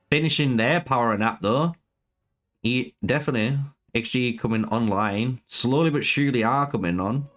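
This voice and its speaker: Streaming a game live, this man talks casually with his audience, cursing plenty, laughing frequently and addressing them as bro. He has a mid-range, fairly bright voice.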